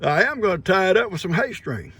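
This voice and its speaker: A man's voice: sits high, very animated, a little fast, sharp tone, slightly rough. An older man, a farmer and host, chatting folksily and chuckling often as he narrates his work outdoors by a creek. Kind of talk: casual vlog narration while working.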